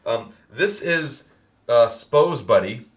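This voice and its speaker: Podcast host, American man, mid-pitched, animated casual talker. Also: takes it slowly. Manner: animated, laughing storyteller, many fillers. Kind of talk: casual chat.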